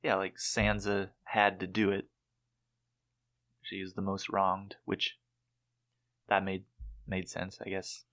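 Low flat-voiced man chatting. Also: slow, pauses often. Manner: low-key, laid-back, chiming in. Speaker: podcast co-host. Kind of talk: casual chat.

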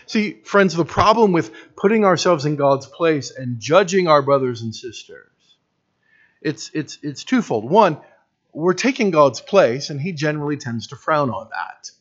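A man's voice: fairly high pitch, lively intonation, unhurried, fairly bright tone. A man preaching a sermon as pastor, earnest and building to emphatic peaks, with wry self-deprecating humor. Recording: dull lo-fi recording.

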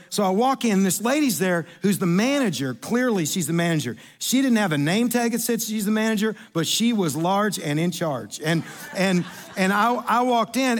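A man telling a rambling, self-deprecating story in a sermon. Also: sits high.

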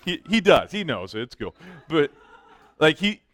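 Animated, slightly high-voiced male preacher. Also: moderate pace. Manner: animated, emphatic, self-joking. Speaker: youth pastor. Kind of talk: sermon with storytelling.

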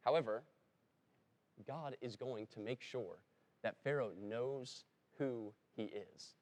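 A man's voice: medium pitch, takes it slowly, darkish tone. A man preaching a sermon in a conversational way, breaking into emphatic rises when he quotes someone, and stopping now and then to correct himself. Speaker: pastor. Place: church.

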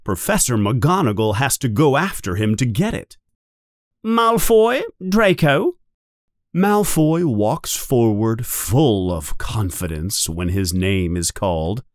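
A man narrating a storybook in an expressive reading manner, jumping high for characters' calls. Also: a little slow, few pauses, no echo, clean studio sound.

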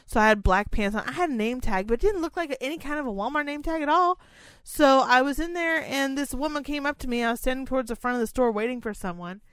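A woman co-hosting a casual chat. She tells a story in a profane, animated rant. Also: high-pitched, quick pace, dry recording. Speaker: podcast co-host.

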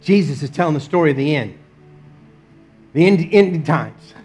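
A man preaching a sermon as pastor, animated, acting out the people he quotes and laughing often. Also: a little high, normal speed, faint music behind.

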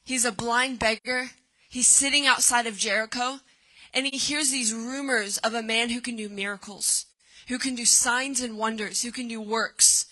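A woman preaching with a high, very bright, ringing voice. She reads scripture and then retells the story, lifting into dramatic cries at its peaks. Her delivery is earnest and driving. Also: steady tone, moderate pace, poor audio. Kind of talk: sermon.

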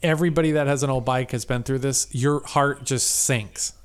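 A man's voice: medium pitch, steady tone, normal speed, smooth. A man co-hosting a podcast, telling a long rambling story in casual, profane chat. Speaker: podcast co-host.

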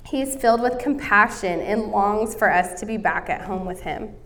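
A woman's voice: medium pitch, a bit bright, recorded from a distance. Earnest woman preaching a sermon. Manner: earnest, storytelling, coughing now and then. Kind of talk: sermon with personal story.

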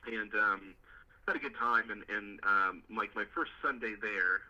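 A man's voice: lowish voice, a little slow, pushed and bright, dull audio. A young man, a youth pastor, telling a story in a casual interview, rambling with repeated words and many fillers. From Indiana, US.

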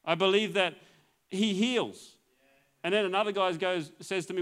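A male pastor tells his testimony from the pulpit with a slightly high voice. He tells it as a story, acts out the dialogue and laughs often as he goes. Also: normal speed, fairly bright tone. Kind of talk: testimony sermon.

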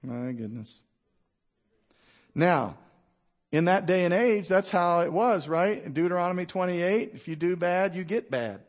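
A man pastor preaching a sermon, acting out Bible characters in quick voices and dropping low and quiet for emphasis. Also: expressive.

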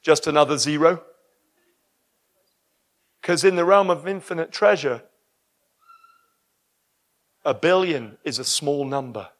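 A man preaching a sermon full of stories, exuberant and breaking into shouts at high points. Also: slow pace, pauses often. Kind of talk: sermon with storytelling.

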